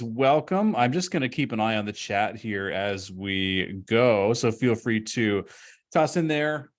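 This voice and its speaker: Man in his thirties, restaurant consultant, lively conversational webinar delivery. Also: mid-range voice. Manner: energetic, conversational storytelling. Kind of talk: webinar presentation.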